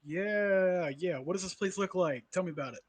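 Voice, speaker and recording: A man's voice: sits high, moderate pace. A man playing in a tabletop game, chatting casually and swearing freely. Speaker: player.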